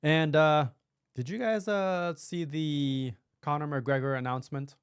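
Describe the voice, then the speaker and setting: A man's voice: on the high side, fairly even intonation, a little slow, clean tone, no echo. A man co-hosting a casual podcast, talking loosely with many fillers and laughs into a close microphone. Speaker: podcast co-host.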